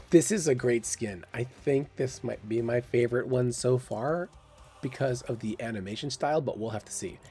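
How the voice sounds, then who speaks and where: Voicing casual commentary for his gaming channel, a man thinks out loud with curiosity and exclamations, speaking at medium pitch with a darkish tone.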